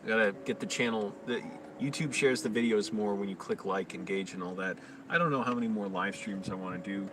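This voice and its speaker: A man's voice: fairly low pitch, fairly quick, few pauses. Brief: rambling male live-streamer, casual chat, slightly distant mic with faint noise. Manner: rambling, loose talk full of fillers.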